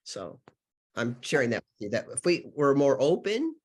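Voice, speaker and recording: Very animated and moving at a moderate pace, the mid-range male voice belongs to a podcast guest who heals and channels. In this spiritual interview he recounts stories earnestly, rambling and leaning on many fillers.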